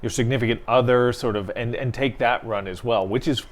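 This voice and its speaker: A man co-hosts a local newspaper talk show, chatting casually, telling stories and laughing often. His voice is medium-pitched and steady, and he talks a little fast.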